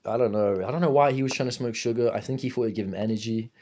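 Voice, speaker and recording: A man's voice: mid-range voice, rapid-fire, a little mellow. A young man telling a rambling, swear-filled story while gaming, calling everyone "bro". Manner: casual, rambling, says "bro" constantly, swears a lot. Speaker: gaming streamer.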